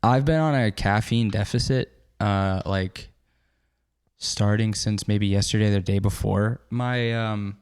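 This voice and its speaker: A man's voice: fairly low pitch, measured pace, darkish tone, clean tone, no echo, studio quality. A man in his thirties hosting a podcast, chatting loosely and swearing now and then. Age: 30s. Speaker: podcast host. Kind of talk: casual chat.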